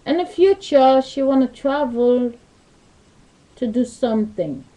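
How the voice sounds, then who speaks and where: A woman's voice: high-pitched, expressive, measured pace, dark tone, low-quality recording. A woman telling a rambling story into her webcam in loose, non-native English grammar. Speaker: vlogger. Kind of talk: casual storytelling monologue. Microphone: webcam mic.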